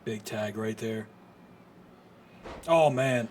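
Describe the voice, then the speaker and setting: A man doing live play-by-play commentary on a wrestling match, excitable and full of exclamations. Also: lowish voice, very slow, a little hiss or hum. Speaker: streamer commentator.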